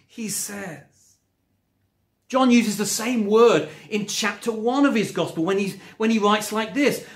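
A man's voice: sits high, expressive, a little slow. A man preaching a sermon from home, emphatic and rising on key words, with conversational asides. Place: at home, recorded during lockdown.

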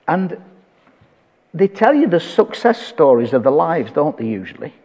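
A man's voice: a little high, very animated, moderate pace, long reverb tail, lo-fi sound. A man preaching a sermon, reading scripture aloud and talking it through conversationally with touches of humor.

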